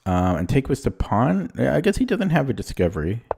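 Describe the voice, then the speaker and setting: A man's voice: mid-range voice, sing-song, brisk, creaky, a little mellow, husky. A man streaming online chess, thinking aloud in short, anxious fragments as he weighs each move. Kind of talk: live commentary while playing online chess.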